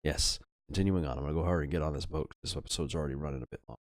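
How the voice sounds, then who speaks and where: A man's voice: extremely low pitch, very fast, darkish tone, dry recording, studio quality. A young man giving casual, chatty let's-play commentary over an old adventure game, swearing offhandedly.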